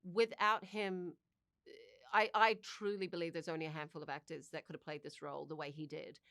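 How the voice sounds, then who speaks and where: A woman's voice: low voice, brisk, no room sound. Chatty New Zealand woman, dry close sound. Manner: chatty and expressive, acts out little quoted exchanges. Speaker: actor being interviewed. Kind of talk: casual interview chat.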